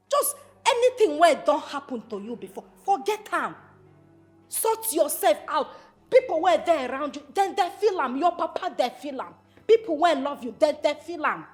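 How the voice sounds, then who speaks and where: A swaggering, loud-mouthed young woman played by an actress in Nigerian Pidgin, her high voice leaping up and down as she threatens and scolds. Soft film music plays under the dialogue. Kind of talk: Nollywood film acting.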